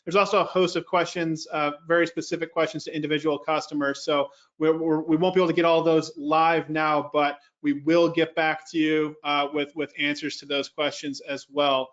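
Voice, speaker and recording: Flat-toned male moderator on a call. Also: fairly high pitch. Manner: brisk, relays audience questions. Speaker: webinar moderator. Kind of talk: moderating questions. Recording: dull lo-fi call audio.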